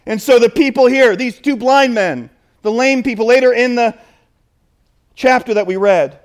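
A man's voice: extremely high pitch, moderate pace. A man preaching a sermon and reading scripture, emphatic, often putting questions to his listeners. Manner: emphatic, asks the audience questions.

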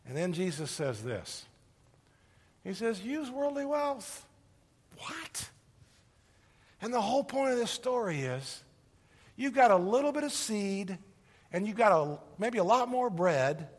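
Animated high-voiced male preacher. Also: measured pace, pauses often. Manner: animated storytelling, swings from loud to hushed. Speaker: pastor. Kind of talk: sermon. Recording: long reverb of a large hall.

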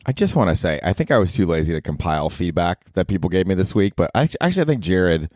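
A male comedian hosting his podcast, rambling casually and profanely, his pitch leaping up for emphasis. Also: sing-song, fast talker, a little mellow, no echo, studio quality.

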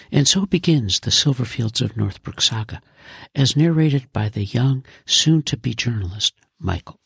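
A man narrating a scripted audio drama slowly and in a measured way. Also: medium pitch, lively intonation, vocal fry, fairly bright tone, slightly rough, no echo, studio quality. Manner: slow and measured. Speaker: writer and narrator.

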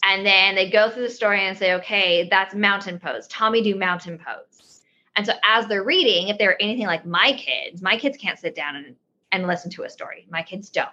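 Woman in her thirties, yoga teacher guest, rambling with restarts, crisp bright tone, dull lo-fi call audio. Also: mid-range voice, brisk. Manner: rambling, with many restarts and ums. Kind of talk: casual interview talk.

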